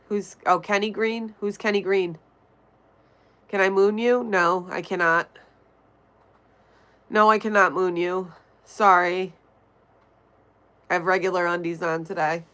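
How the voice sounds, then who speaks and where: A woman hosting a livestream reads through her viewers' chat and answers it in a casual, easygoing way. Her voice is nasal and medium-pitched, with a fairly bright tone.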